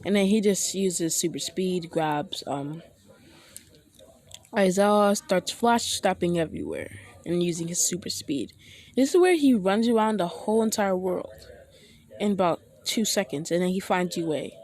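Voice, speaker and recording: A young man casually retelling a fan story, rambling with many halting restarts. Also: high-pitched, animated, a little mellow.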